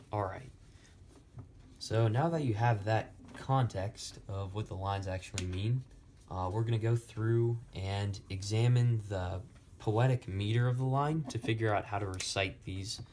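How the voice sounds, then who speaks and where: A young man slowly explaining Latin poetic meter in a lesson, with many pauses and fillers. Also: on the low side, a little hiss or hum. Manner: slow, halting, many fillers. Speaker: Latin tutor.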